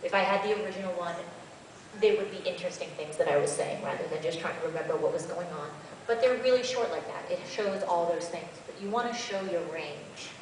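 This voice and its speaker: A woman, a voice actress on a convention panel, answering questions in an animated, chatty and rambling way, recorded by a far camera. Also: lowish voice, a little hiss or hum. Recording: echoey hall from far off.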